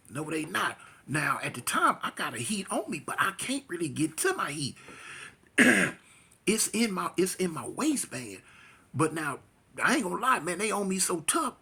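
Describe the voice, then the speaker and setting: A man telling a tense street story casually, animated and slangy, acting out the sounds himself. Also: high-pitched, moderate pace, gravelly, slightly rough.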